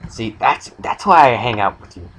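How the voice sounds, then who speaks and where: A young man hosting an improvised comedy chat, rambling through absurd deadpan jokes. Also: mid-range voice, moderate pace, rough recording. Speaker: comedy podcast host.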